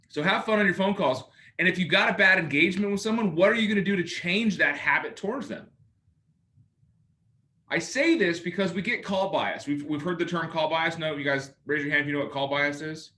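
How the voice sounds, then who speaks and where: A man teaching a coaching class on phone calls, lively and jokey, often acting out both sides of a call. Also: a little high, fast. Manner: lively, acts out phone calls in other voices. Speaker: sales coach.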